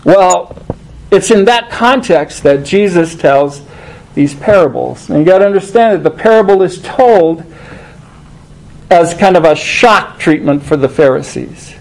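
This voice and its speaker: Male preacher, sermon, conversational, emphatic, rhetorical questions, lively high voice. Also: unhurried, vocal fry, low-quality recording.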